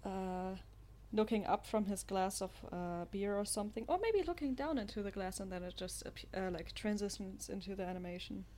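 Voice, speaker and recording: A woman's voice: mid-range voice, expressive, fairly quick, hardly any pauses, mellow, a little hiss or hum. A woman in a casual group chat, explaining ideas hesitantly with many fillers and teasing her friends. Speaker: podcast co-host.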